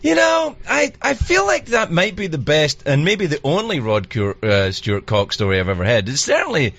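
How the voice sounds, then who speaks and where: A man hosting a radio talk show, casual and playful, trading quick teasing jokes with his guest. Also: fairly high pitch, sing-song, a bit bright. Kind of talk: casual comedic chat. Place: radio studio.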